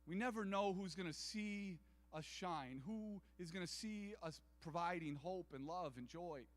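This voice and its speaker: A man's voice: high-pitched, a little slow. A man giving an earnest, inspirational speech from a stage at an event. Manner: earnest, repetitive rallying phrasing. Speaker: event speaker. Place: large event hall. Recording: long hall reverb.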